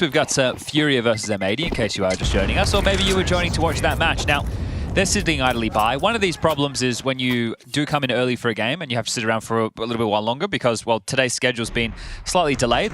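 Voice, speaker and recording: Brief: male esports caster, animated pitch, jokey live commentary, faint noise behind. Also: fast talker. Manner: joking banter between calls. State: has the hiccups.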